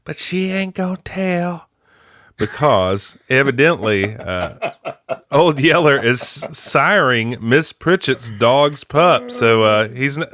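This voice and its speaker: A man's voice: medium pitch, fairly bright tone, no echo, clean studio sound. A man casually recapping a movie's plot as a film club host, chatty with laughing asides and lots of fillers.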